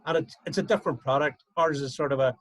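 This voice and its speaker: A man's voice: fairly high pitch, fast, rough recording. A man from a bakery, explaining his products steadily with fillers on a video call. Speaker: bakery guest. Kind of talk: casual chat on a video call.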